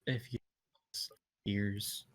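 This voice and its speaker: A man's voice: on the low side, level tone, very slow, a little hiss or hum. A man playing a tabletop game over a voice call, joking and trailing off. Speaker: player. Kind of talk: casual tabletop game chat.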